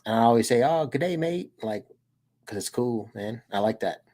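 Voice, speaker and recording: A man's voice: on the low side, little pitch movement, moderate pace, mellow. A young American man hosting a casual livestream, rambling in a laid-back way and saying "dude" a lot. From United States. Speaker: streamer and channel host.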